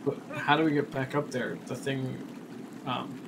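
A man's voice: medium pitch, little pitch movement, moderate pace, gravelly, noisy background. A man playing a tabletop game, talking hesitantly with frequent ums. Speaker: player. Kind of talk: casual tabletop game play.

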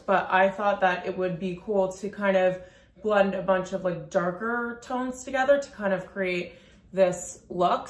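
A woman vlogger chatting casually through her outfits on a lunch break, talking quickly with a lot of "like" fillers. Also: medium pitch. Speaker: fashion vlogger. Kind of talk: casual outfit walkthrough to camera. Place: room at home during a work lunch break. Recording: roomy echo.

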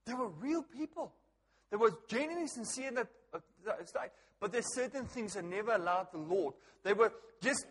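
A man preaching a sermon to a congregation, animated and joking, often laughing and asking the people questions. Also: high voice, normal speed, breathy edge. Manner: animated, joking, laughs at his own stories; talks directly to the congregation with frequent questions. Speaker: pastor. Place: church hall. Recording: long reverb of a church hall.

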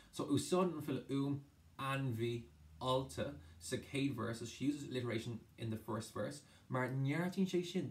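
A man's voice: medium pitch, creaky. A man with an Irish accent teaching an exam-prep lesson, explaining a poem line by line, switching between Irish and English with frequent restarts.

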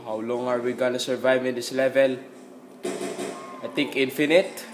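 A man giving casual gameplay commentary, talking to himself and breaking into excited exclamations. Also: mid-range voice, moderate pace, rough recording. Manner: excitable, frequent exclamations and yelps; talks to himself while playing.

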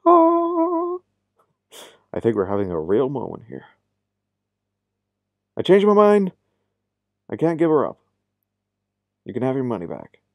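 A man voicing a pushy, fast-talking male ship salesman with eager sales patter, read aloud over a video game. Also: medium pitch, wildly swooping pitch, no room sound, muffled recording.

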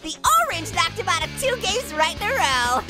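A man's voice: very animated, a little fast. A man voicing a hyperactive, giggly male talking orange in a cartoon let's-play, squealing and joking through close calls. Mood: giddy. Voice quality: squeaky, high and nasal with constant giggles. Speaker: gaming channel host. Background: game music.

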